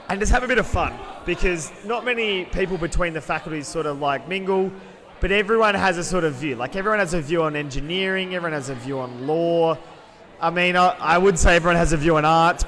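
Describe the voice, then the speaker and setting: A young Australian man co-hosting a podcast, loud and rambling, with lots of fillers and restarts. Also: on the high side. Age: young adult. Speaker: podcast co-host. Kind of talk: casual chat.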